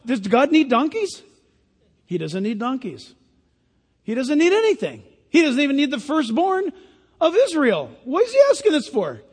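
A man's voice: very high voice, huge pitch swings, moderate pace, a little mellow. A male pastor preaching a sermon in a church, earnest and emphatic, putting direct questions to the congregation. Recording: long hall reverb.

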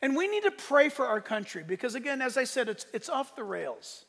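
Pastor guy preaching hard, gravelly voice, big echoey church sound. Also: extremely high pitch, big pitch swings, brisk, a bit bright. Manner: impassioned preaching, rising and falling in force. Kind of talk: sermon. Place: church sanctuary. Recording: long reverb of a large hall.

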